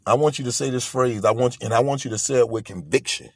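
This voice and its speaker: A man's voice: medium pitch, fast talker, hardly any pauses, no echo, studio quality. A man hosting a podcast, delivering a motivational monologue in an emphatic, preachy way, repeating his points. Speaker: podcast host.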